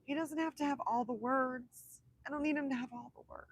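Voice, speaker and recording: A woman's voice: high-pitched, brisk, gravelly, few pauses, a little hiss or hum, rough recording. A woman in her thirties hosting a casual livestream chat with viewers, heartfelt and emotional, often dropping to a whisper. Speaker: livestream host.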